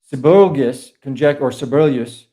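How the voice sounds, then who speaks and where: A man's voice: medium pitch, a little slow, warm tone. A man with a Boston accent, a podcast guest lecturing in a rambling, profane way during a casual video call chat. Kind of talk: casual conspiracy-history chat.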